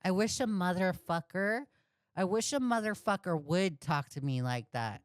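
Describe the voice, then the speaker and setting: A woman's voice: lowish voice, lively intonation, moderate pace, dry recording, clean studio sound. A woman giving blunt, profane, heated reaction commentary on a video she is watching. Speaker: reaction streamer.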